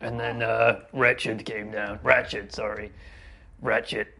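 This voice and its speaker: A man playing in a tabletop role-play, questioning a character in a playful way, laughing often and filling pauses. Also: lowish voice, little pitch movement, gravelly, sharp tone. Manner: playful, laughs between lines, trails off with fillers. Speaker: player.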